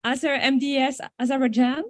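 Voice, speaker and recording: A woman chairing a large meeting and calling the roll in a brisk, procedural way. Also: high voice, flat delivery, no echo.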